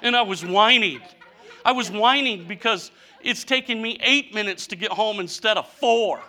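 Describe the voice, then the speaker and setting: A man in his fifties, a pastor preaching a humorous sermon with animated, mock-whining storytelling and folksy speech. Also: high-pitched, normal speed. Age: 50s.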